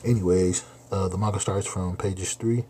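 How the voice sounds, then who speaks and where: A man's voice: low-pitched, fairly even intonation, normal speed, mellow, a little hiss or hum. A man doing a casual live reaction, blunt and exasperated, swearing and saying "bro" constantly. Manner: slangy, swears a lot, keeps saying bro. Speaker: manga reaction streamer.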